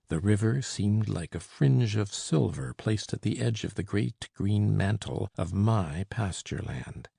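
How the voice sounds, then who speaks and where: Male audiobook narrator, low gravelly voice, measured reading that lifts for quoted lines. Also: dry recording, studio quality. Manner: measured, slows for emphasis, lifts for quoted shouts. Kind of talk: scripted narration.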